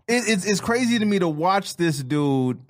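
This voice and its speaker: Comedy co-host, man, fairly high voice that swings a lot, loose and profane. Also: moderate pace. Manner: animated, swears freely, jumps into mocking impressions. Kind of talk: casual comedic banter.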